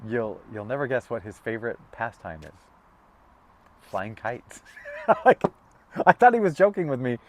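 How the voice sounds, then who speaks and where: Rambling, emotional man reading tarot. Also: lowish voice. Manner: rambling, emotional, with many restarts and self-interruptions. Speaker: tarot reader. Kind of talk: casual spiritual tarot reading.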